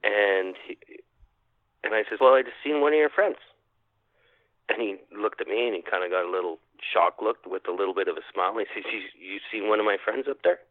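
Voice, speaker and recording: A man from Canada, a podcast guest, telling a personal encounter story in an animated way, acting out his own thoughts and repeating phrases. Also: deep voice, fairly quick, dry recording. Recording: dry tinny phone-line sound.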